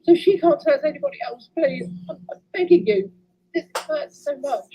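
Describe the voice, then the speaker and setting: A woman voicing a tormented, possessed female engine who pleads in a high, tearful voice. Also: very animated, slow, mellow, full character voice, poor audio. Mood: pleading.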